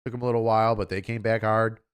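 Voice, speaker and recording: Smooth-voiced rambling male streamer. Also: lowish voice, little pitch movement, fast. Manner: rambling, offhand, with fillers. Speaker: livestream host. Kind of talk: casual livestream chat.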